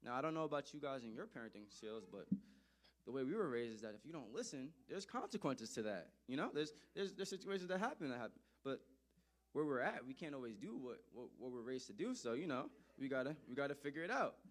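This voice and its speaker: A man telling a personal story to an audience in an animated, emphatic way, often repeating phrases for effect. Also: mid-range voice, quick pace.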